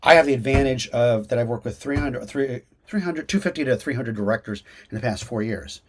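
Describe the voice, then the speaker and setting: Speaking a little fast in a mid-range voice, a man who acts and teaches acting gives casual answers on a video call, lively and full of restarts and filler words.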